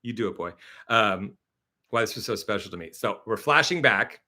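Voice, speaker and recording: A man chats on his own live stream in a bright, ringing voice, retelling stories with animated asides and plenty of "like" and "so I was like." He breaks off now and then to read and answer viewers' comments in an easy, conversational way. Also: fairly low pitch, moderate pace. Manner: chatty, animated storytelling with many fillers. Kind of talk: casual live stream chat.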